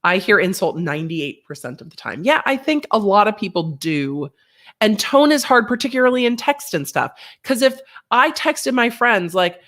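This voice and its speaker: Chatty, animated woman livestream host. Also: medium pitch, moderate pace. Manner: chatty, animated, reads chat aloud. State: unwell with a sinus infection. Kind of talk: casual livestream chat.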